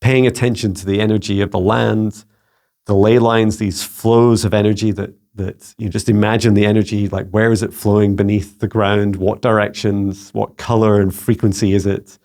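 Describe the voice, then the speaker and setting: A Scottish man with a low, gravelly voice gives casual spiritual guidance. He muses aloud and searches for his words, leaning on small fillers as he goes. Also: little pitch movement, moderate pace, a little mellow. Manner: musing, searching, full of "you know" and "um". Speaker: psychic mentor, channel host.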